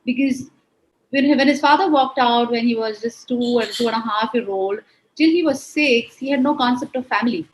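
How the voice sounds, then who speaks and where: A woman's voice: a little high, normal speed, a little hiss or hum, rough recording. A woman in her forties with an Indian English accent, speaking earnestly and emotionally as an interview guest, often saying "you know". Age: 40s. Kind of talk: heartfelt conversational interview.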